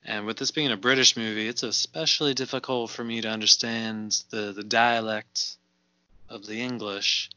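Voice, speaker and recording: A man's voice: fairly low pitch, steady tone, moderate pace, pushed and bright, no echo, dull audio. A man co-hosting a casual movie podcast, laughing often and reading out figures with fillers. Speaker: podcast co-host.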